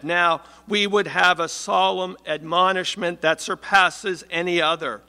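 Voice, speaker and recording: A man preaching a sermon in a measured, emphatic way, slowing down to stress key phrases. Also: high-pitched, fairly even intonation, bright, forceful tone.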